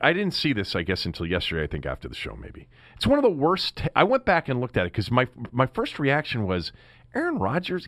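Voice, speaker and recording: A man hosting a sports talk show, telling stories in an animated way. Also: fairly high pitch, dry recording, studio quality. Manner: animated storyteller. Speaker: sports radio host. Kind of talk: sports talk radio banter.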